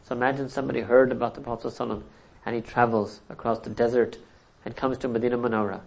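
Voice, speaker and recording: Guy preaching w a gravelly voice, tells a story, keeps asking the crowd questions, chuckles a lot. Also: medium pitch, little pitch movement, rapid-fire, poor audio. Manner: asks the audience rhetorical questions; chuckles often while speaking. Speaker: Islamic teacher. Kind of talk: sermon with storytelling.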